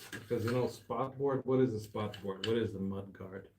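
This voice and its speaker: A man's voice: lowish voice, normal speed, background noise. A young man, chatting casually while repairing a bike in his shop, rambling and calling the listener man and bro. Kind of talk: casual chat while working.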